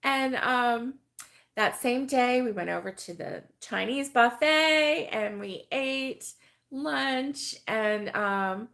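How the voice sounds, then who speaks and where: Middle-aged woman rambling slowly at a crochet chat, kinda high voice, lots of ums and giggles. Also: creaky, fairly bright tone. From United States. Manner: chatty, rambling with many fillers and frequent laughs. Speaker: host of a crochet live stream. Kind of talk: casual chat reading viewer comments.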